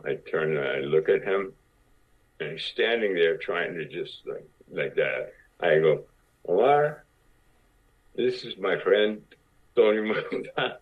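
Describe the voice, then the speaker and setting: An older man in his sixties with a low, husky voice tells a story in an unhurried way and acts out the lines of the people in it. The sound is dull and lo-fi. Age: 60s. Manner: acts out other people's lines while telling stories. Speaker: actor, podcast guest. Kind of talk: casual anecdote telling.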